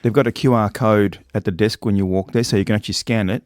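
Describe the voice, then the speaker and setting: A man's voice: fairly low pitch, fairly even intonation, quick pace, darkish tone, no echo, clean studio sound. A man in casual chat, stammering, asking lots of questions and laughing easily. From Australia. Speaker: travel vlog co-host.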